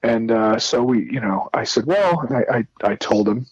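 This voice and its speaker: A man's voice: mid-range voice, moderate pace, husky, dry recording, muffled recording. A middle-aged man from New Jersey, a guest telling his story casually and acting out the dialogue with lots of restarts. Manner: animated, acts out quoted dialogue with many restarts.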